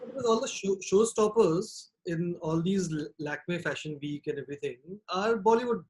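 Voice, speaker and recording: A man's voice: sits high, moderate pace, darkish tone, a little hiss or hum, rough recording. A man asking questions as interviewer, hesitant and restarting his sentences. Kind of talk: casual interview.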